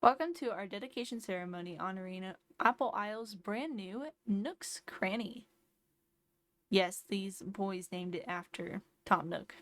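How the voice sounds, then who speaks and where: A woman's voice: mid-range voice, measured pace, fairly bright tone, dry recording, close to an everyday voice. A woman voicing a polite, businesslike male raccoon shopkeeper from a video game, reading his on-screen lines aloud in a plain, courteous way. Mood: formal.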